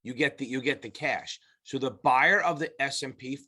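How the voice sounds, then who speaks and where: A man's voice: mid-range voice, normal speed, bright, forceful tone. A man tutoring exam students in a loose, conversational way, with restarts and the odd swear word. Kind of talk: casual lesson explaining at a whiteboard.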